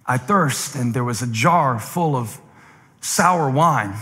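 A male pastor preaching a sermon, telling funny stories and swinging from loud exclamations down to hushed lows. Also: animated, takes it slowly, big-room sound. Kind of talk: sermon with humorous storytelling.

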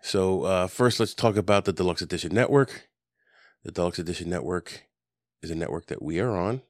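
A man's voice: low voice, fairly quick, dry recording, clean studio sound. A man hosting a casual podcast chat, rambling and joking with plenty of ums. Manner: rambling, jokey, lots of ums. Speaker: podcast host. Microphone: desk podcast mic.

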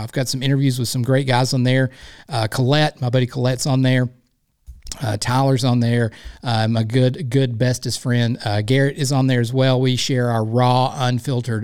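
A man chats alone into his podcast mic. He rambles from topic to topic in a playful, folksy way, with colorful turns of phrase. His voice sits at an ordinary middle pitch. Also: clear, resonant tone. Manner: rambling, folksy and playful, warmly effusive sign-off. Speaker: podcast host. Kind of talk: casual solo podcast monologue.

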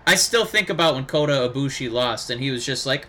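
A man co-hosting a podcast in casual chat, talking animatedly and breaking into excited impressions. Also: mid-range voice, fast talker, hardly any pauses. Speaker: podcast co-host.

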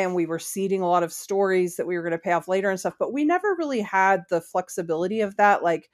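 Low-voiced woman comic writer, animated. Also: fairly quick. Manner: animated, talks through ideas with many asides. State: has the hiccups. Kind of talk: podcast interview.

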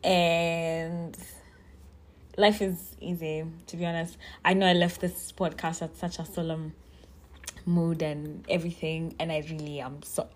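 Chatty young woman, lowish voice. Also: flat delivery, unhurried, a little hiss or hum. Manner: chatty, rambling, self-interrupting. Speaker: podcast host. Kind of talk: casual solo podcast chat.

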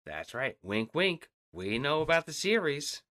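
Profane, animated male co-host with a bright, lively voice. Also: fairly high pitch, a little slow. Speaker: podcast co-host. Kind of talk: casual chat.

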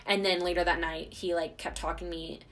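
Rambling young woman podcaster, low-ish voice. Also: little pitch movement, a little fast, fairly bright tone. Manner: rambling and chatty, with constant fillers. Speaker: podcast host. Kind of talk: casual solo chat.

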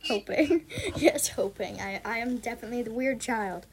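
A woman's voice: fairly high pitch, lively intonation, moderate pace, breathy edge. A young woman casually reading a comic aloud, giggling and doing the characters' voices.

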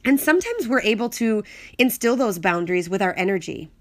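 A woman's voice: mid-range voice, animated, brisk. Earnest woman giving life advice. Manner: earnest, emphatic, repeats key phrases. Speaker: speaker on personal growth. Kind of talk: reflective monologue.

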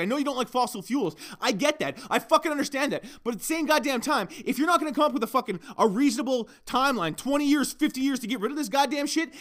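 Fast and animated with hardly any pauses, a Canadian man hosts his solo podcast in a very high, fairly bright voice. He rants heatedly into his microphone and swears constantly.

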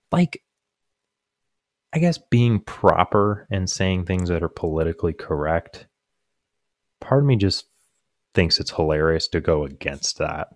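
A young podcast co-host with an extremely low-pitched voice tells rambling stories in casual chat, full of fillers and restarts. He often laughs at his own punchlines. The studio-quality audio has no room sound.

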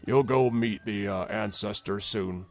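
A man voicing a gruff male wolf-keeper who commands a pack of wolves, threatening and rough. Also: fairly low pitch, unhurried, soft background music. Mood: menacing. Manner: rough and threatening, then shouting in alarm.

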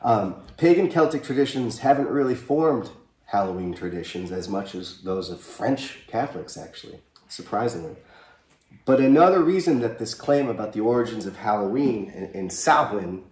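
A man's voice: lowish voice, expressive, moderate pace, darkish tone. A man pastor giving a live sermon in a small chapel, talking in a conversational way and asking the congregation questions. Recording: echoey room, from a distance.

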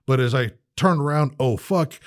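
A man's voice: mid-range voice, moderate pace, dry recording, clean studio sound. A man co-hosting a podcast in a profane casual chat, ranting, swearing constantly and mimicking people. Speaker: podcast co-host.

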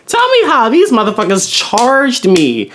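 A young woman, a podcast co-host in casual chat, telling animated stories, acting out quotes and laughing often. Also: fairly high pitch, unhurried, slight background noise. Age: young adult.

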